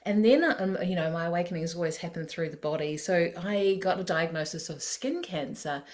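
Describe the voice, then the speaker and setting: A woman hosts a podcast, her voice sitting a little low. She talks in a reflective, animated way, laughing often as she shares her own experiences. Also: fairly quick. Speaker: podcast host. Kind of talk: casual spiritual conversation.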